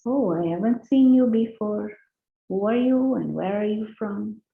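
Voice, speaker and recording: A boastful little male pond frog, proud and stubborn, as a woman puts him on, speaks higher and slower than a plain voice. He talks in an unhurried, dismissive way, and the story is heard in a roomy, slightly dull recording. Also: lively intonation, creaky. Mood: puzzled.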